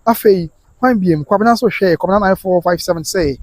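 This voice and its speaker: A man's voice: high-pitched, quick pace. A Ghanaian man hosting a livestream, reading viewers' comments aloud and answering with consoling words, switching between Twi and English. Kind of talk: live-stream commentary.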